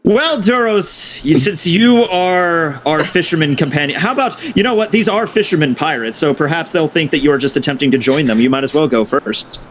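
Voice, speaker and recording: A man playing a tabletop game with a slightly raised pitch. His intonation moves around a lot, and his phrasing is formal and polite. A faint hiss runs behind him. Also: lively intonation, brisk, few pauses. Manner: formal, polite character speech. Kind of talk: in-character play.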